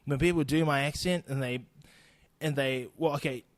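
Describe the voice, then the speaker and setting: Young New Zealand man, blunt and profane podcast host, even mid pitch, dead-dry close sound. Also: normal speed, no room sound. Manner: blunt, sweary, laughing asides. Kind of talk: solo podcast rant. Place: home recording in Austin.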